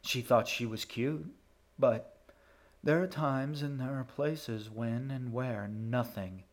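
A man voicing a cold, calculating male captor who speaks quietly and precisely. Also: mid-range voice, natural voice. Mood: quiet menace. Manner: quiet, measured, clipped.

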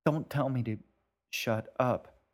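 A man's voice: medium pitch, slow pace. A man reading as a sarcastic bored teen girl. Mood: irritable. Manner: snappy, sarcastic.

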